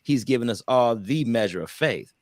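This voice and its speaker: A man's voice: medium pitch, animated, moderate pace, no room sound. A man co-hosting a casual relationship panel discussion, emphatic and preachy, with loose vernacular speech. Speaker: podcast co-host.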